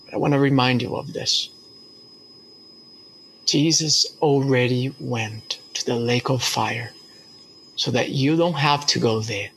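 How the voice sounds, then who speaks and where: A man's voice: mid-range voice, unhurried, long pauses, a little hiss or hum. A man preaching a sermon as pastor, telling a story earnestly with hesitations.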